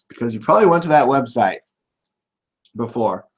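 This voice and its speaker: A man hosting a live political podcast, ranting and swearing, bursting into loud shouts now and then. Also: medium pitch, expressive, moderate pace.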